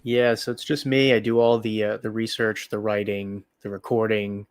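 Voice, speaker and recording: A man's voice: fairly low pitch, level tone, normal speed, clear, resonant tone, no room sound. Easygoing New Zealand man, dry sound. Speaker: guest, true crime video creator. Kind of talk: casual interview answers.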